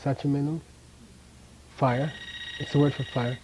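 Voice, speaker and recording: A man teaching a language class, drilling pronunciation by repeating sounds and checking in with the students, his voice often dropping quiet at the ends of phrases. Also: medium pitch, steady tone, measured pace, slightly rough, rough recording.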